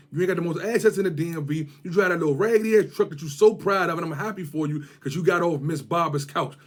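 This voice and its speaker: A man with a Washington DC area accent, ranting and mocking someone to camera in heavy street slang, repeating his jabs. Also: a little high. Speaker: vlogger.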